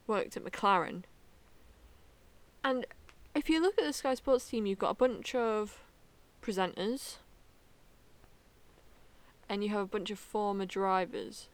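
A young woman co-hosting a podcast, chatting casually in an excitable, laughing way. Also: mid-range voice, takes it slowly, pauses often. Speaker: podcast co-host. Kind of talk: casual chat.

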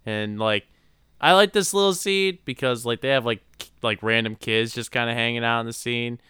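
Crude, laughing man with a crisp voice. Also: medium pitch, normal speed, sharp tone, dry recording, clean studio sound. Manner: laughs often, crude, riffs on the plot. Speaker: podcast co-host. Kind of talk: casual comedic chat.

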